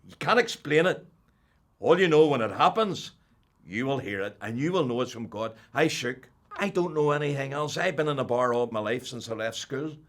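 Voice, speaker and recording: An older man with a Northern Irish accent, telling his personal faith testimony as an animated storyteller who drops to a hush and then rises loud. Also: mid-range voice, normal speed. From Northern Ireland. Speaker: testimony speaker.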